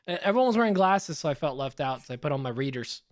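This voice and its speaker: Man, podcast co-host, animated pitch, jokey, laughs a lot, casual banter. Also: fast talker.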